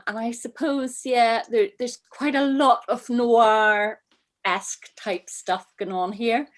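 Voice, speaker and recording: A woman speaking as a guest on an online panel over a video call, relaxed with ums. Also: medium pitch. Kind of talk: casual panel talk.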